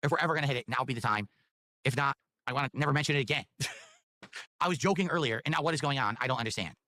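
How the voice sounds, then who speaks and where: A man's voice: medium pitch, fast talker, sharp tone. A man livestreaming, talking in a rambling, pleading, sentimental way. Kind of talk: casual livestream talk.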